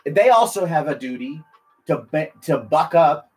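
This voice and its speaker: A man's voice: fairly high pitch, animated, measured pace, darkish tone, soft background music. A man, a military veteran, talking earnestly and emotionally to viewers on a casual live stream, rambling and restarting his sentences. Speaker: veteran livestreamer.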